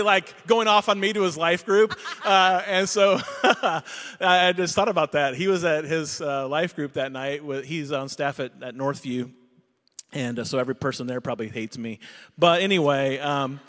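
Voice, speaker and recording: A middle-aged man preaching a conversational sermon as pastor, telling stories with animation. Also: medium pitch. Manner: storytelling, animated when recounting. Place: church auditorium. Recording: long reverb of a church hall.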